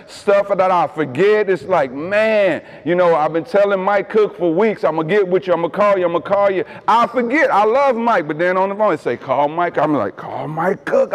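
A man with preaches in a loose, joking way, calling questions out to his congregation. His voice sits a little high for a man. The sound rings with the long reverb of a large hall. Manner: casual, joking preaching with call-and-response to the congregation. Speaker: pastor. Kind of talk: sermon. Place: church sanctuary.

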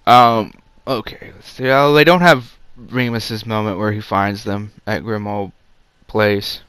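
A man's voice: on the low side, fairly even intonation, unhurried, fairly bright tone, smooth, no echo. A man giving a casual, rambling movie review, sarcastic and full of fillers.

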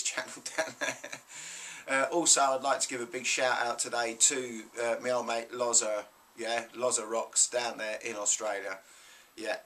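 A man with a British accent hosting a casual vlog of shout-outs, enthusiastic and checking in with "yeah?" as he talks. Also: medium pitch. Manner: enthusiastic, keeps adding "yeah?". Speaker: YouTube host.

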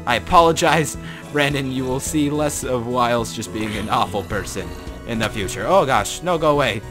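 A young man narrating his own gameplay, chatty and excitable, jumping from mumbles to panicked shouts. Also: mid-range voice, normal speed, over music. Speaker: gaming channel host. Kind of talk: gameplay commentary.

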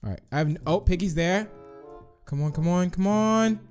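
A young man giving nervous, excitable commentary while playing a video game, often talking himself through it. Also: high voice, normal speed, faint music behind. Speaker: gaming YouTuber. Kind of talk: live gameplay commentary.

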